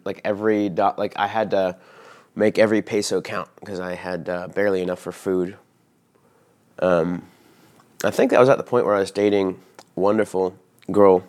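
A young man casually recounting a personal story, rambling with frequent fillers and swearing. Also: deep voice. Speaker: vlogger telling a personal story.

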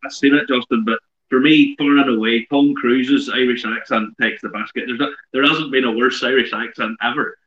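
A man's voice: mid-range voice, steady tone, moderate pace, fairly bright tone, roomy sound, dull audio. A male co-host giving blunt, opinionated views in casual chat.

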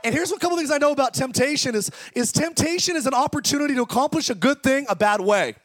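A male pastor preaching an impassioned sermon that swings between fast talk, slow drawn-out words and shouting. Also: very high-pitched, no echo. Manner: impassioned preaching, often shouting, sudden speed changes. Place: church service.

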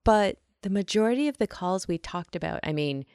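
A woman's voice: medium pitch, expressive, a little fast, a little mellow, smooth, no echo, studio quality. A woman co-hosting a podcast, chatting casually in a thoughtful, slightly hesitant way. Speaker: podcast co-host. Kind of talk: casual chat.

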